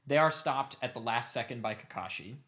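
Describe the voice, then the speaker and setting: A young man casually retelling a long story to his family, animated and cursing offhandedly. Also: mid-range voice, fairly quick. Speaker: streamer host.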